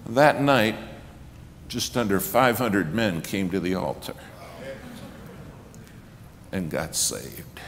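Male guest preacher, low voice, very lively delivery, acts out the quotes, long church reverb. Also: slow, pauses often. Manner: animated storyteller acting out quotes, rising to shouts. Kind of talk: storytelling sermon. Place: church sanctuary. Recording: reverberant church hall, faint ambience.

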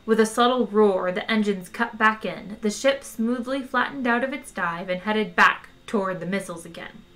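A woman reading a comic science-fiction novel aloud in a lively, wry way. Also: mid-range voice, moderate pace. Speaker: audiobook reader. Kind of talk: expressive audiobook narration.

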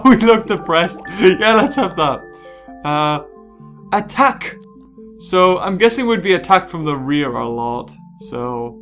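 A gaming host giving excitable let's play commentary, full of squealing exclamations. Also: mid-range voice. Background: game music.

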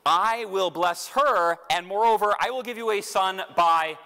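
A man's voice: high-pitched, measured pace, bright, forceful tone, in a large hall, voice pushed up. A man voicing God as an exasperated male deity who spells things out emphatically and sarcastically. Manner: emphatic, sarcastic, over-explaining.

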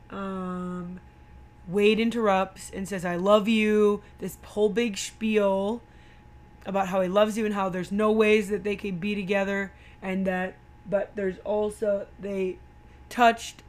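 A woman in easy, casual conversation, walking through a film scene by scene. She talks at a mid pitch and slips into quoting the characters as she goes. The tone is relaxed and unscripted. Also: measured pace. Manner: chatty, retells scenes with quoted lines. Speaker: movie commentator. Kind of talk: casual movie recap chat.

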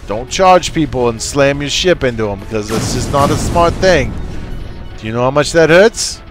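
A man's voice: medium pitch, animated, moderate pace. Goofy man narrating his strategy game. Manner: goofy, talks to his units. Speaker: gameplay commentator. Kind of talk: casual let's play commentary. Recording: faint game music and artillery behind.

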